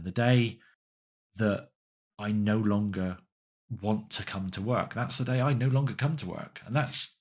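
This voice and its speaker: A man hosting a podcast, talking casually in a monologue with frequent fillers and emphatic repetition. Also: on the low side. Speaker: podcast host.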